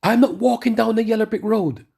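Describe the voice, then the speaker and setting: A chatty, earnest woman who works in a shop and says everything twice, pitched noticeably higher than an everyday talking voice, as a man puts her on while telling a story. The voice has a husky, slightly rough edge. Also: fairly quick, a little mellow, exaggerated voice. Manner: repeats herself, earnest. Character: chatty woman shop worker, middle-aged.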